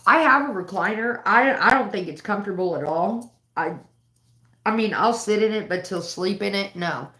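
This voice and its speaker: A woman's voice: medium pitch, expressive, normal speed, bright, forceful tone, reverberant. A woman chatting casually on a livestream from home, rambling and swearing freely. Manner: profane, rambling storytelling. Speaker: live streamer.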